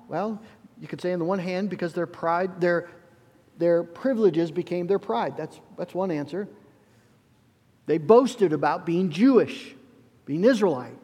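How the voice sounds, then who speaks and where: A man's voice: high voice, a little mellow, big-room sound. A male pastor preaching a sermon in an earnest, emphatic way, often restarting his phrases.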